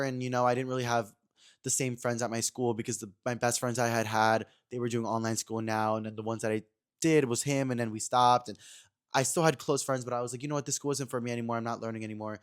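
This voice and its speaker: A young man hosting a podcast, telling a casual story in a chatty way, full of fillers, talking straight to his viewers. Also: medium pitch. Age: young adult. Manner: chatty, filler-heavy, addresses "you guys". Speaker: podcast host.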